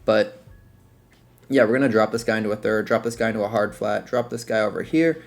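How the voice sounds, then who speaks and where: A man's voice: lowish voice, a little fast. A young man giving a casual, rambling commentary over his football video game footage as a content creator. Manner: relaxed, rambling, filler-heavy breakdown of plays.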